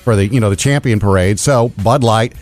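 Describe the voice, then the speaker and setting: A man co-hosting a morning radio show, earnest and a bit rambling as he tells stories and pitches shows. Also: fairly quick, a little mellow, soft background music. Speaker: morning radio co-host, food segment.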